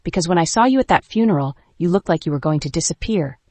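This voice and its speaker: A woman voicing a guarded, protective mafia man who speaks low and controlled, in a close dry recording. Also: expressive, quick pace, dry recording. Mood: intent. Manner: quiet, controlled, low-spoken.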